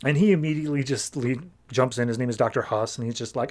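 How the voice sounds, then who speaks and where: A young man chats his way through a comic recap in an easygoing, rambling way. He leans on "like" and paraphrases the characters in offhand asides. His voice sits in an ordinary middle pitch. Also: a little mellow. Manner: loose and chatty, heavy on "like", paraphrases characters in quick asides. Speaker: podcast host reviewing comics.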